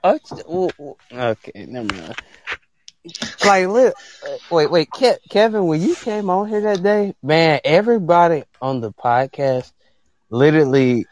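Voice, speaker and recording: A man on a podcast call, talking in an excitable, stammering, slangy way. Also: on the high side, a little slow. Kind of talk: casual call-in chat.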